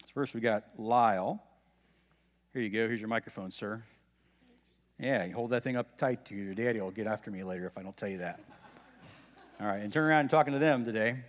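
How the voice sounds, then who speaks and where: A male pastor delivers a sermon in a church sanctuary, conversational and folksy, tossing casual asides to the congregation. His voice is fairly low and brisk, with frequent pauses, and the church hall adds long reverb.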